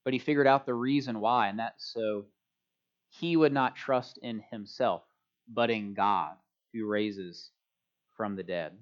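A man giving a relaxed, chatty sermon to a church congregation, joking about himself as he goes. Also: fairly low pitch. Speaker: preacher. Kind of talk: casual sermon. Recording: dull lo-fi sound.

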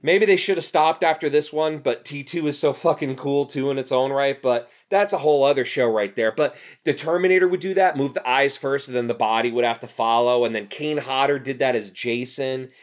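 A man in his thirties from New Jersey, telling stories in a casual podcast chat, animated and full of swearing. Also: mid-range voice, fairly quick, hardly any pauses. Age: 30s. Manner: animated, profane storytelling.

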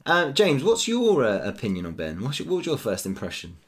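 A man's voice: mid-range voice, wildly swooping pitch, brisk. A man co-hosting a comedy podcast, introducing guests with a showy, announcer-like delivery. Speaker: podcast co-host. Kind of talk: casual comedy chat.

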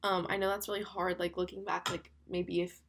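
A woman's voice: on the low side, little pitch movement, creaky, a little hiss or hum. A young woman hosting a podcast on her own, talking casually and candidly with lots of fillers. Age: young adult. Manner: chatty, candid, fast with lots of "like". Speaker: podcast host. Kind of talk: casual solo podcast talk.

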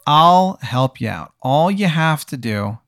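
A man's voice: medium pitch, expressive, moderate pace, a bit bright, smooth, no room sound. A smug, scheming candy king coaxes and bargains in a sly, offhand way, as a man puts him on. He keeps it near an ordinary speaking voice with casual swearing. The recording is dry and close. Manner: sly, coaxing, casually profane.

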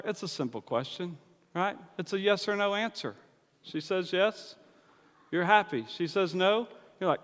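A man's voice: high voice, animated, normal speed, fairly bright tone. A man preaching a sermon in a loose, conversational way, acting out bits of dialogue. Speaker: pastor. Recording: long hall reverb.

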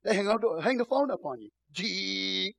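A middle-aged male pastor with a Texan accent preaching a sermon, swinging between booming shouts and soft murmurs. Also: lively intonation, moderate pace, vocal fry, no room sound, poor audio.

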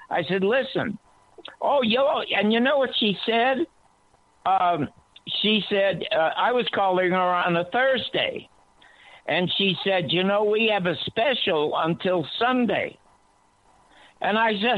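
A man on a talk radio show telling an animated story, his voice climbing high when he quotes himself. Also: a little slow, no echo. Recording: tinny phone-line sound, dry.

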